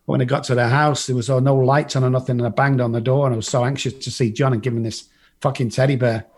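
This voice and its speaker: A middle-aged Englishman recounts his life story quickly, in a casual, blunt, husky voice that stays in an ordinary middle range with little pitch movement. He swears freely and acts out other people's lines along the way.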